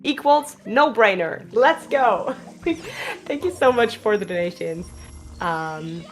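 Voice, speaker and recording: A woman with a slight lisp commentating a live speedrun stream from a booth, chatty and quick to laugh. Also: mid-range voice. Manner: chatty, laughs often, restarts phrases.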